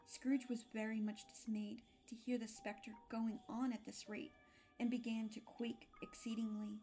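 A woman giving a measured, even storybook narration. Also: a little high.

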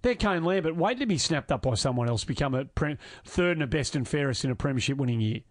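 A man's voice: medium pitch, expressive, fast, no room sound. Blunt Australian male co-host, matter-of-fact footy chat, mid-range voice, dry sound. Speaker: podcast co-host.

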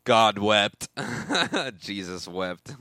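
A woman's voice: rumbling low, sing-song, extremely slow, fairly bright tone, no room sound. A woman chatting through a movie with a co-host, tossing out wry quips and laughing. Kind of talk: casual movie reaction chat.

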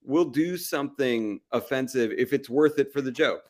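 A comedy TV writer, guesting on a podcast, chats casually during a live show at a restaurant. His voice is medium in pitch and moves at a moderate pace. He speaks thoughtfully, hedges a lot, and acts out the voices of people he quotes.

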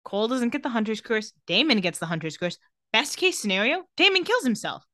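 A woman co-hosting a casual podcast recap, talking in an animated way, acting out quoted lines and laughing often. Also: fairly high pitch, brisk, no echo, studio quality. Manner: animated, acts out quotes with a bad British accent, laughs often. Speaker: podcast co-host recapping a TV episode. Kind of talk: casual chat.

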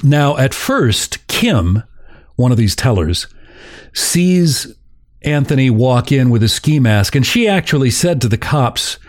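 A man's voice: mid-range voice, expressive, slow pace, no echo. Guy on a podcast telling a story, chuckles a lot, medium voice, dry close mic. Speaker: podcast host. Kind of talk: casual storytelling.

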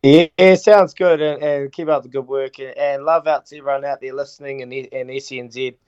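A man's voice: mid-range voice, fairly even intonation, fairly quick, a little mellow, smooth, dry recording, highs cut off. A man calling in as a guest, chatting casually in an upbeat, friendly way. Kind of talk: casual chat.

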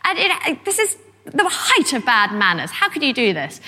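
A woman's voice: sits high, wildly swooping pitch, moderate pace, sharp tone, full character voice. A woman voicing a haughty lady of the house who indignantly scolds intruders. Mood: outraged. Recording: long hall reverb.

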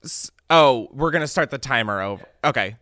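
A man's voice: medium pitch, expressive, fairly quick, bright, forceful tone. A young man hosting a podcast, chatting casually in a campy, profane way. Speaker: podcast host.

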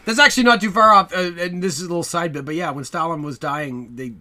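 A man's voice: on the high side, quick pace, sharp tone. A man co-hosting a casual film podcast, wry and knowledgeable, who often laughs as he talks. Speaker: podcast co-host.

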